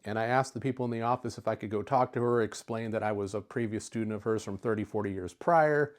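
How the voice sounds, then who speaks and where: A man in his fifties who hosts retro-computer videos tells a personal story to camera, talking fast in a lowish voice. He keeps it chatty and easygoing, with plenty of filler words.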